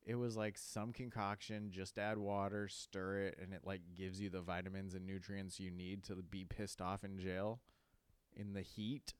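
A man's voice: low voice, flat delivery, moderate pace, hardly any pauses, clean tone, no echo. A young man, hosting a podcast and telling rambling stories, swearing and saying "like" a lot. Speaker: podcast host. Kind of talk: casual storytelling monologue.

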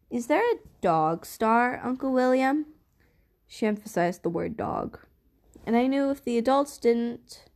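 A woman narrating a novel aloud in a steady, measured reading voice. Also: medium pitch. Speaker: audiobook narrator. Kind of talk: scripted narration.

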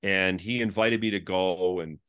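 A man's voice: low voice, unhurried, fairly bright tone, clean tone. A middle-aged man talking as an interview guest, a former pastor, in casual storytelling, saying "like" often and acting out the people he quotes. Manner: chatty, peppered with "like", acts out quoted dialogue.

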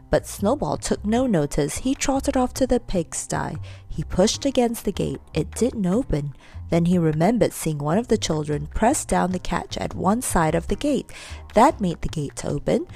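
A woman reading a children's storybook aloud in an expressive way. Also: on the low side, vocal fry.

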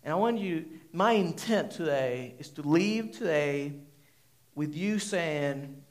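A man preaching a sermon to a congregation in a conversational, animated way, asking the audience questions and using many fillers. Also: a little high, takes it slowly. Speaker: pastor. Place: church hall before a congregation.

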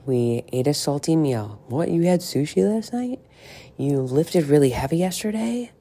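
A woman's voice: low voice, animated, normal speed, mellow, husky. A middle-aged woman coaching on weight loss in a frank, chatty monologue, swearing freely and tossing in asides. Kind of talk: casual podcast monologue.

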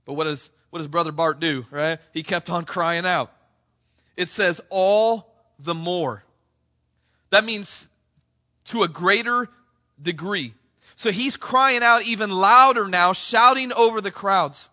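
Man, preacher, high bright voice, impassioned sermon, slightly dull recording. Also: moderate pace. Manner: impassioned, rising to near shouts on quoted cries; addresses congregation as "church", frequent "right?". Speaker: pastor.

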